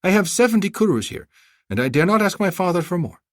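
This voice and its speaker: A man's voice: sits high, very animated, fast talker, no echo, studio quality, pitched above the performer's own voice. A man voicing a polite, careful young girl bargaining respectfully.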